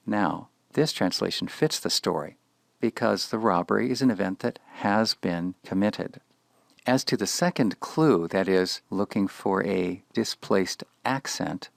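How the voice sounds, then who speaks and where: A man teaching Biblical Hebrew grammar in a scripted lecture, speaking in a measured, deliberate way with precise enunciation. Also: low-pitched, vocal fry, no echo.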